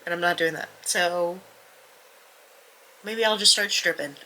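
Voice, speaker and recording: A woman's voice: mid-range voice, normal speed, pauses often, background noise. A young woman talking candidly to camera in a casual book vlog, her voice stuffy from crying, self-deprecating and swearing freely, sometimes dropping to a near-whisper. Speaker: book vlogger.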